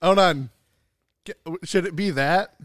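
A man's voice: high voice, slow, a crowd in the background. A man co-hosting a casual podcast with friends, laughing often and acting out quoted voices. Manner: giggly, animated, acts out quoted voices. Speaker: podcast co-host. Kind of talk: casual chat.

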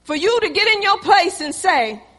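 Woman preacher, high and bright, sermon in a church with long reverb, shifts from loud urging to hushed asides. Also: animated, normal speed. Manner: storytelling preaching, swings from loud exhortation to quiet asides.

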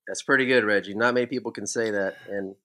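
A man's voice: fairly low pitch, fairly even intonation, quick pace, a bit bright. A man hosting a casual podcast interview, telling playful team stories and asking about his guest's hitting. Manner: easygoing storyteller, playful prankster tone. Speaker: podcast host, former ballplayer.

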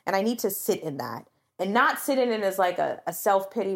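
A woman's voice: mid-range voice, fairly quick. A woman co-hosting a podcast in casual chat, talking openly and animatedly about her feelings, filling her speech with "like" and acting out what people said. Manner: chatty, animated, confessional, leans on "like" and acts out quoted voices. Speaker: podcast co-host.

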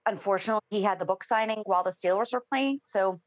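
A woman co-hosting a podcast, talking in a chatty, quick, casual way. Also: medium pitch, no room sound. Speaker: podcast co-host. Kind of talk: casual chat.

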